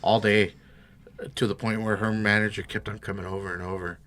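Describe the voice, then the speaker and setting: A man's voice: on the low side, level tone, a little fast, a bit bright. A man, a guest on a podcast, telling his business story in an easygoing, casual way. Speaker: guest, bag maker. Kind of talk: casual interview chat.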